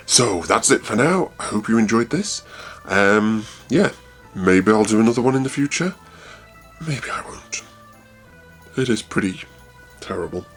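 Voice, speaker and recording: A man reading a bad fan story aloud and mocking it with wry, sarcastic commentary. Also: on the low side. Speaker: online reviewer of fan fiction.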